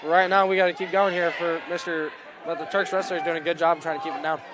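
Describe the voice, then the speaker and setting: Excitable young-sounding man calling wrestling. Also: a little high, fast. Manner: excitable, rambling, often apologetic. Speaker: play-by-play announcer. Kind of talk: live school sports commentary. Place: school gym during a wrestling meet. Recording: loud gym crowd noise. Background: cheering crowd and shouting coach.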